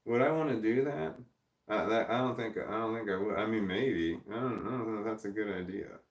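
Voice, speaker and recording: An American man hosting a casual livestream, reading viewer comments aloud and rambling, thinking out loud and trailing off. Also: on the low side, brisk, reverberant, far from the mic. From United States. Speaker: livestream host.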